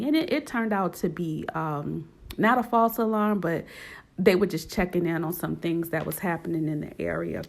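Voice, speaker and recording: Gravelly-voiced woman telling a story. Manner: animated, acts out quoted lines in a higher voice. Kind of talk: casual storytelling.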